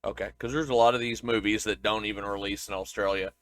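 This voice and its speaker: A man's voice: fairly low pitch, fairly even intonation, quick pace, a bit bright, no echo. A man co-hosting a podcast, chatting casually and joking with mock confusion. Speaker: podcast co-host. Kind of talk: casual chat.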